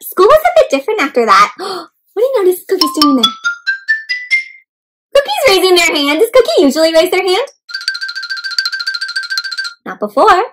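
Animated woman reading to kids. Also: high-pitched, rough recording. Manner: animated, gasping, asks children questions. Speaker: children's storyteller. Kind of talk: interactive read-aloud for kids.

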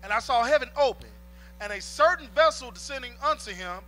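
A man reading Bible verses aloud in a steady, formal way during a church service. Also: extremely high pitch, brisk, poor audio. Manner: steady, formal reading of old-style scripture. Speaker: scripture reader.

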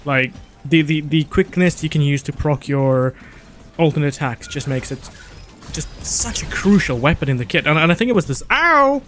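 An excitable man talks through his own gameplay, voice sitting a little high for a man. He keeps talking to himself, restarting sentences and breaking into sudden gasps. Faint noise hums behind him. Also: moderate pace. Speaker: gaming YouTuber. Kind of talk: casual gameplay commentary.

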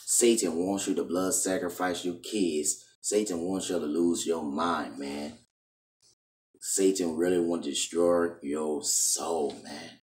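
A man delivers a scolding, repetitive sermon to his viewers and keeps ending lines with "man". His voice is very low, and he sits away from the mic in a room with a strong echo. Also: fairly even intonation, takes it slowly, darkish tone, far from the mic. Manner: scolding and insistent. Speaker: video preacher. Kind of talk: preachy monologue to camera.

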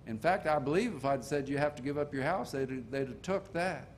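An older man preaching a sermon in a folksy storytelling manner, slowing down to stress key points. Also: mid-range voice, a little hiss or hum.

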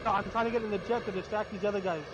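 A man on voice chat with a streamer during a game, quick and chatty, laughing at his teammates. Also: high-pitched, fairly even intonation, fairly bright tone, lo-fi sound, slight background noise.

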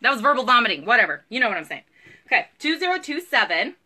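Woman, 30s, bubbly live seller; bright, lively, slightly high voice. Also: fast talker. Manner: bubbly, chatty, giggly, uses y'all. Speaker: live online clothing seller. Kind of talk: live sales stream chat.

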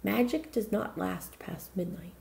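A woman voicing a kindly old beggar woman in a storybook, speaking slowly in a hushed, secretive way. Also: sits high, big pitch swings, pitched above the performer's own voice, heavily acted. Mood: solemn.

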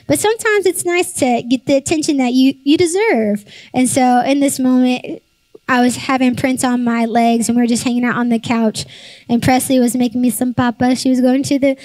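A young woman pastor preaching a sermon, telling a lively family story and acting out the voices of her family. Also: sits high, no echo, poor audio.

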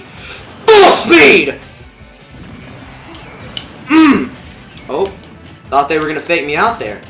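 A young man commentating his own gameplay, swearing, yelling and muttering at the game. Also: a little high, echoey room. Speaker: let's play gamer.

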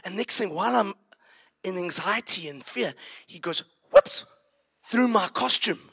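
Guy preaching, high gravelly voice, acts the story out. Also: a little slow. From South Africa. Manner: animated, acting out a story. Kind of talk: sermon storytelling.

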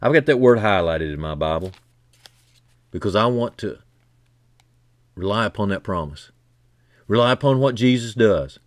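A man preaching a sermon who builds from quiet, low passages to loud, fervent climaxes and repeats key phrases for emphasis. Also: animated, normal speed, long pauses, dry recording.

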